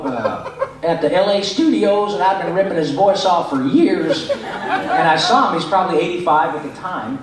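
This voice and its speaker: A man's voice: sits high, expressive, moderate pace, crowd noise. A middle-aged man from Michigan, a voice actor chatting and joking with fans at a convention panel Q&A. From Michigan, USA. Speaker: voice actor guest answering fan questions. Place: large convention hall. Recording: echoey hall, picked up from far off.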